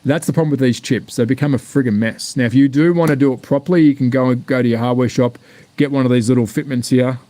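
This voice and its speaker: A man's voice: mid-range voice, steady tone, fast talker, warm tone. A man with an Australian accent hosting a live-stream hobby unboxing, chatting casually and bluntly with plenty of swearing and rambling asides. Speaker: slot car channel host.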